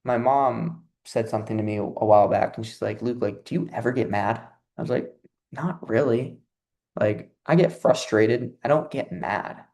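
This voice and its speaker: A man's voice: medium pitch, normal speed, gravelly, darkish tone. Casual man giving a motivational talk. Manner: conversational, drops into quoted inner voices. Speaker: self-help speaker.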